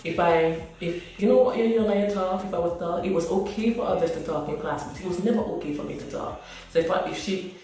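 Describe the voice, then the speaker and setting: A woman's voice: lowish voice, fairly quick, warm tone, recorded from a distance. Jamaican woman telling her story in an echoey room. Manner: earnest, emotional, speaks straight to viewers. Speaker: vlogger. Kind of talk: personal storytelling to camera. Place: small hot library room at home, indoors.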